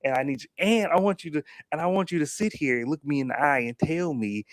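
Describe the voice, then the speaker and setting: Animated man, bright higher voice. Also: fast, dry recording, studio quality. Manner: animated, repeats himself, drawls. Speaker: podcast co-host. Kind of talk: casual review discussion.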